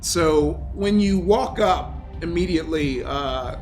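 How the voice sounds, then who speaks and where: A man's voice: a little high, takes it slowly, soft background music. A man narrating as game master, loose and rambling, with lots of fillers. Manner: loose, rambling narration with many fillers, breaking into loud voices for characters.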